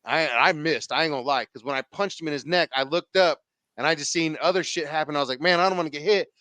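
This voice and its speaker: Guest storyteller, male, slangy and animated, crisp clear voice, dry close mic. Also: on the high side, fast talker, no echo. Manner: slangy, profane, animated retelling with acted quotes. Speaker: podcast guest. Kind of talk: casual storytelling.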